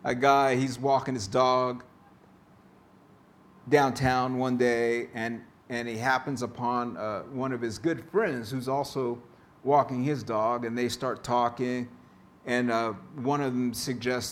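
Slow, deliberate male preacher. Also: medium pitch, fairly even intonation. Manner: slow, deliberate preaching with joke-telling asides. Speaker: pastor. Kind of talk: sermon.

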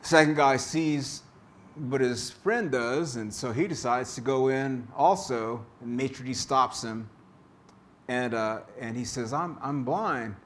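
A man preaching a sermon, reading scripture and telling jokes in a slow, deliberate way. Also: mid-range voice, a little hiss or hum. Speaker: pastor.

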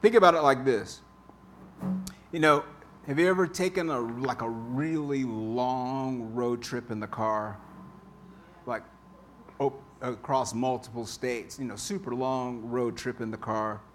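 A man's voice: mid-range voice, unhurried, fairly bright tone, slight background noise. A male pastor giving a conversational sermon in a church, repeating key phrases for emphasis. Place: church sanctuary.

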